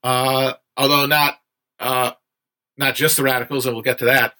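Bright-voiced man chatting on a livestream. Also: mid-range voice, little pitch movement, normal speed. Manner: loose, chatty, digressive with frequent fillers and profanity. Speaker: livestream host discussing a history book. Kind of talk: casual livestream book discussion.

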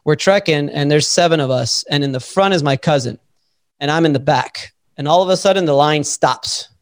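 A man hosting a podcast, telling a story in a lively, casual way and swearing freely. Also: fairly high pitch, moderate pace, no room sound, clean studio sound. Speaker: podcast host.

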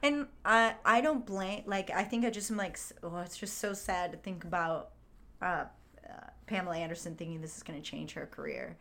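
A woman's voice: lowish voice, normal speed, gravelly. A woman co-hosting a podcast, chatting casually about a movie and acting out scenes as she retells them. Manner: animated, re-enacts scenes with put-on quotes. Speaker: podcast co-host. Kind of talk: casual movie review chat.

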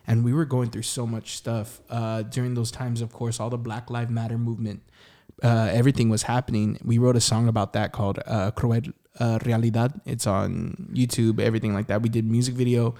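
A young man talks through a story as an interview guest, at a middling pitch for a man. He rambles and leans on filler words as he goes, in a loose, casual way. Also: level tone, fairly quick, dark tone. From San Antonio, Texas. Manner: rambling, heavy use of "like" and "you know". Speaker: singer-songwriter guest.

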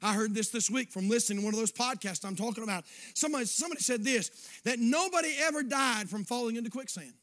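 A man preaching a sermon in a folksy way, dropping to quiet asides and rising to shouts. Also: extremely high pitch, quick pace. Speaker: pastor.

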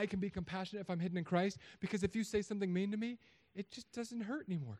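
A man preaching a sermon in a conversational, joking way, swinging between loud emphatic peaks and quiet asides. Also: high voice, racing.

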